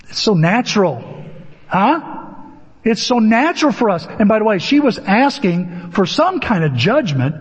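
High-voiced preacher in an echoing hall. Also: male voice, normal speed, breathy edge. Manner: animated storytelling, acts out his own inner voice. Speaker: pastor. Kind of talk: sermon. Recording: dull lo-fi audio with long hall reverb.

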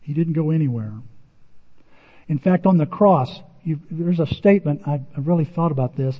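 A man preaching a sermon in a conversational, animated way, his voice rising for emphasis. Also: on the high side, moderate pace. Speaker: pastor. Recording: muffled sound in a reverberant hall.

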